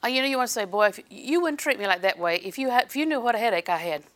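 A middle-aged woman preaching a sermon in an animated way, acting out little scenes and laughing. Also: on the high side, rapid-fire.

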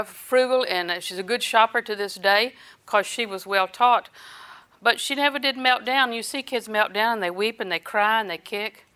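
A woman's voice: a little high, bright, forceful tone, clean tone. An older woman preaching a sermon, telling homespun personal stories and chuckling between them.

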